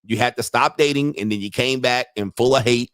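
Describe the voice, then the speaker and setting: A man's voice: mid-range voice, brisk, fairly bright tone, clean tone, no room sound. A young man running a brash, mocking reaction commentary, his slang loose and his voice in a middle register. The sound is dry and close, with no room in it. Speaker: commentary host.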